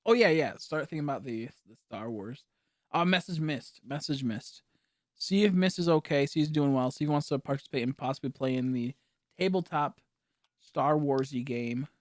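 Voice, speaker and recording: Young man, game streamer, rambling casual chat, dry close sound, mid pitch. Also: no room sound. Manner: rambling, mumbled asides, frequent fillers. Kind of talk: casual live-stream chat while gaming.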